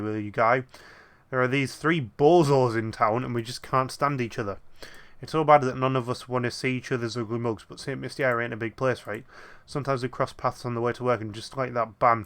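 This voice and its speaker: A man doing a loud hot-tempered townsman. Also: mid-range voice, clean tone, close to an everyday voice. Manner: loud, slow, ranting. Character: hot-tempered townsman, furious at his rivals.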